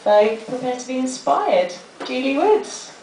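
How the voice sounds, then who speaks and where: A woman's voice: sits high, very animated, unhurried, darkish tone, slight background noise. A woman hosting an event, casually introducing the guest speaker to a live audience. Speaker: event host. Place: public library hall. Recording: echoey room, distant mic.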